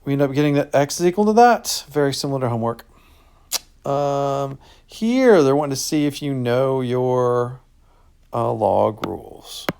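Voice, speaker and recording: Gravelly man teaching math casually. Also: medium pitch, expressive, normal speed. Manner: casual and upbeat, thinks out loud. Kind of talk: walking through an answer key.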